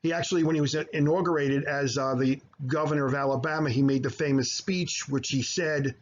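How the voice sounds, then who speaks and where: A man teaching high school history over slides, explaining at length with frequent fillers and self-corrections. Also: steady tone, brisk, few pauses, highs cut off. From United States. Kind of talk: recorded slideshow lecture.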